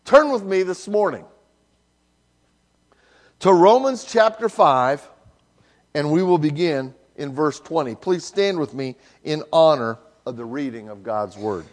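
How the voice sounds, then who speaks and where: A middle-aged man preaching a sermon in a church, slow and emphatic with dramatic pauses. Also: a little high. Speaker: pastor. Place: church sanctuary.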